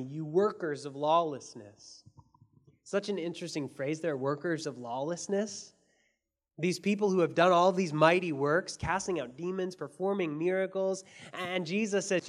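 Male pastor, sermon, high voice, earnest, soft to emphatic. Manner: earnest preaching, swings between soft and emphatic; asks the audience many questions.

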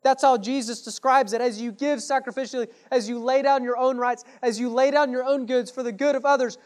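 A man's voice: very high-pitched, steady tone, fairly quick. A man preaching an earnest sermon as a pastor, putting rhetorical questions to his congregation and addressing them casually and directly. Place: church.

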